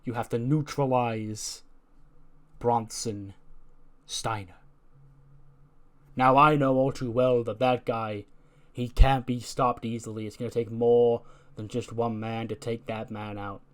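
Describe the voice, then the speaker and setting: A man voicing a calm, authoritative male wrestler who persuades a rival to team up. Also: mid-range voice, slow, long pauses, natural voice. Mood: persuasive.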